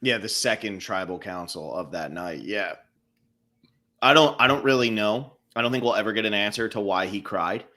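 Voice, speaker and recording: Bright-voiced man recapping a show. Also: lowish voice, moderate pace. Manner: rambling, amused, laughs often. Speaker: podcast co-host. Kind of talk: casual recap chat.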